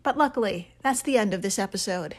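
A woman's voice: mid-range voice, animated, brisk. A woman co-hosting a podcast in casual chat, often laughing as she talks. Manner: giggly, laughs often while talking. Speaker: podcast co-host.

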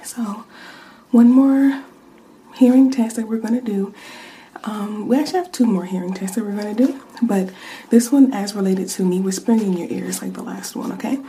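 A woman in a whispered role-play, acting as an examiner who gives a hearing test and whispers words softly into each ear. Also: mid-range voice, slight background noise, rough recording. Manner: soft, slow and soothing, whispering word lists into each ear.

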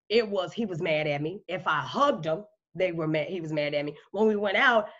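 A woman with a husky voice tells her story in a casual interview, acting out quoted lines with sudden leaps in pitch. The audio is slightly dull and lo-fi. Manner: animated, acts out quoted dialogue with big pitch jumps. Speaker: guest.

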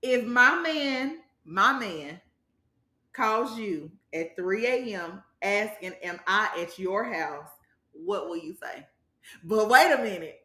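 A woman's voice: medium pitch, expressive, slow pace, bright, forceful tone. A woman hosting a casual podcast chat, playful and laughing often. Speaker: podcast host. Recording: echoey room.

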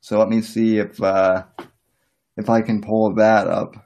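Halting, slow-talking male podcast host. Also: lowish voice, level tone, darkish tone. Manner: halting, full of restarts and fillers. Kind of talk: casual chat.

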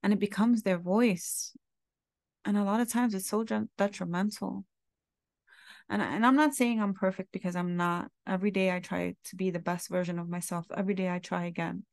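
A woman's voice: mid-range voice, steady tone, normal speed, creaky, darkish tone, no room sound, clean studio sound. A woman hosting her own podcast, talking in a candid, heartfelt and confessional way, with the odd casual swear. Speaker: podcast host. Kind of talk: candid reflective monologue.

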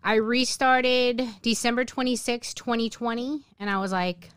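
A woman in her forties speaks as a podcast guest in a smooth, clear voice. She tells her story with emphasis and acts out her own remarks. The studio sound is dry and close. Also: on the high side, fairly even intonation, measured pace, no echo. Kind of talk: casual chat.

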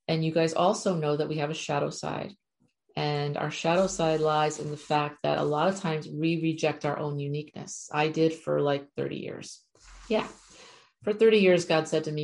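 A woman's voice: sits low, vocal fry, darkish tone. A middle-aged woman, an animal communicator, giving a chatty, frank spiritual talk to her viewers with casual swearing.

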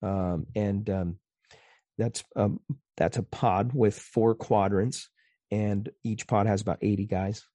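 A man being interviewed, telling a personal story in a casual, halting, rambling way with frequent restarts. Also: on the low side, steady tone, warm tone, no room sound. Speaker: interview guest.

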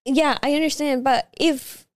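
A woman's voice: high voice, steady tone, no room sound, clean studio sound. A woman co-hosting a podcast, chatting casually and bluntly. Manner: blunt, quick to refuse. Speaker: podcast co-host. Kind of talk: casual chat.

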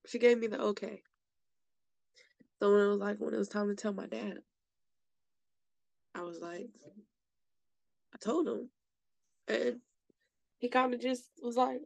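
Woman in her late 20s, frank and emotional storyteller with a fry in her voice. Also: mid-range voice, steady tone, moderate pace, long pauses, a little mellow, dry recording. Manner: candid, emotional, says "like" often. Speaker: podcast guest sharing her story. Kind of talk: personal storytelling.

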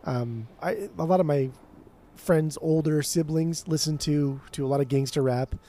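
A man's voice: fairly high pitch, moderate pace, mellow. A man in his thirties, co-hosting a music podcast remotely, sarcastic and nitpicking in casual banter. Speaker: podcast co-host. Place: remote from co-host.

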